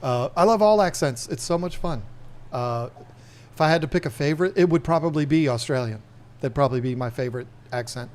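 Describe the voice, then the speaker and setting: A man's voice: fairly high pitch, fairly quick, a little mellow. A man in his fifties co-hosting a podcast, chatting casually in a rambling, enthusiastic way. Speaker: podcast co-host. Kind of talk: casual chat.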